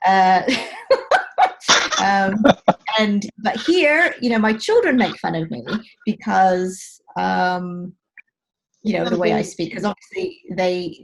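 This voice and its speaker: A woman's voice: on the low side, creaky. Chatty self-deprecating woman host. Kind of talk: casual panel discussion.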